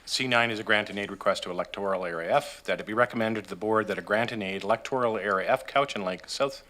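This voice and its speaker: A Canadian man reads agenda items aloud in a council chamber. His voice is low and bright, and his steady, formal delivery carries the odd "uh". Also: fast. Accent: Canadian English. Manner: steady formal reading with occasional fillers. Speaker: staff member presenting agenda items. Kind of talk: reading motions at a public committee meeting.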